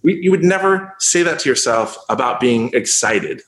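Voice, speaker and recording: A man's voice: medium pitch, expressive, moderate pace, few pauses, fairly bright tone, reverberant. A man speaking as a guest in an interview, rambling and full of "like" as he encourages people through hard times. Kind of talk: casual interview talk.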